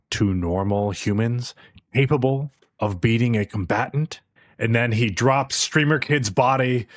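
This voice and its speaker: A young man on a casual anime podcast, recapping an episode scene by scene. His voice moves lively up and down as he goes, and now and then he briefly acts out what the characters say. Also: medium pitch, breathy edge. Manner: recaps the plot at length, acting out the characters' lines. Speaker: podcast co-host.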